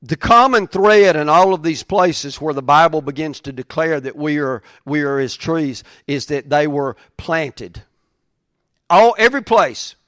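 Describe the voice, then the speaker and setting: A man's voice: a little high, a little slow, no room sound. Man preaching a sermon, dry close sound. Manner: swings from quiet reflection to raised, emphatic preaching. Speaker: pastor.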